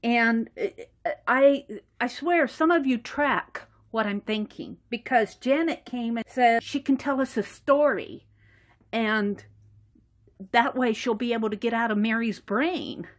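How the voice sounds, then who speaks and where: Lady chatting through her art journal, a bit high voice, laughs a lot. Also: a little slow. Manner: chatty, laughs often, acts out little dialogues. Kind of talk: casual show-and-tell narration.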